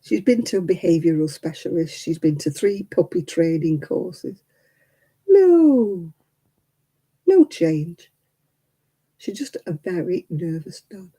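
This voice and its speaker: A woman's voice: fairly low pitch, normal speed, few pauses, warm tone, husky, poor audio. A woman in her seventies chatting casually and rambling with chuckles while she hosts a crafting livestream. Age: 70s. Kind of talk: casual chat.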